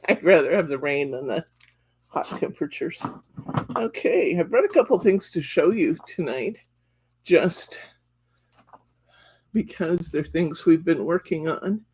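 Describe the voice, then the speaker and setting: A man's voice: on the high side, darkish tone, breathy edge. A man hosting a live craft demonstration in a chatty way, laughing often and greeting viewers by name. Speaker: craft class host. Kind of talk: live craft demo chat.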